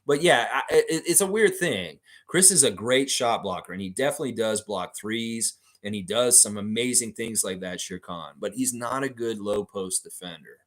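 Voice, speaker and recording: A man's voice: lowish voice, animated, normal speed, few pauses, a bit bright. A man hosting a live fan stream, chatting casually, reading viewer comments, and swearing freely with lots of fillers. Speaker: fan show host.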